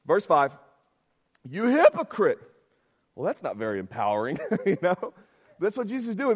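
Give me a man with a high voice preaching a sermon in a relaxed, conversational way. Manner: conversational, asks "right?" often, acts out quotes. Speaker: pastor.

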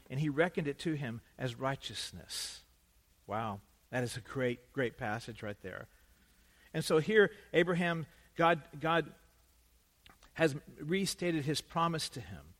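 A middle-aged man preaching a sermon as a pastor, animated, swinging from loud emphasis to hushed asides. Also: fairly high pitch, normal speed. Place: church sanctuary. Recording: long hall reverb.

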